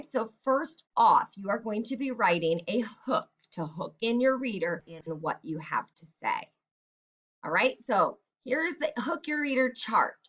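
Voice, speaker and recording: A woman's voice: medium pitch, a bit bright, lo-fi sound. Woman teacher guiding kids step by step. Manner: step-by-step, encouraging, acts out example lines. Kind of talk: recorded writing lesson for kids.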